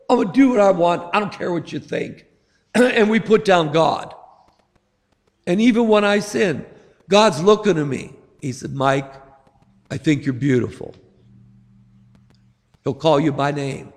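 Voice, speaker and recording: A middle-aged man preaching a sermon to a congregation, slow and emphatic with dramatic pauses. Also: fairly high pitch. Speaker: pastor. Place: church sanctuary. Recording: long hall reverb.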